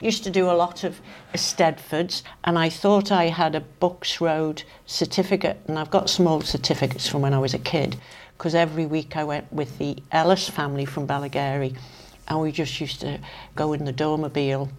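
An older woman with a Manx accent recounts old memories in a chatty, storytelling way. Her voice sits low. She talks in loose, lively asides, like a guest chatting easily. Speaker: interview guest. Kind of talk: casual reminiscing anecdotes.

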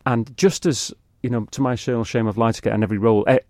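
A man's voice: medium pitch, steady tone, racing, a little mellow, dry recording, studio quality. A middle-aged man, an actor guest, telling self-deprecating stories in a rambling, laughing way. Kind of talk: anecdotal podcast chat.

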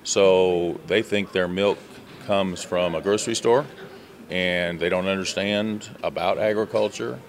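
A man's voice: deep voice, steady tone, measured pace. An American man who leads a student agriculture tour, answering interview questions earnestly and advocating for farming, with some restarts. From USA.

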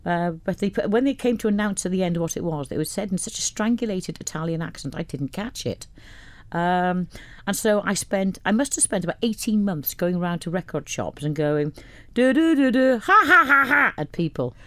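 A woman who heads a youth arts centre, telling stories as a guest on a radio interview in a lively, rambling way. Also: fairly low pitch, a little fast, no room sound.

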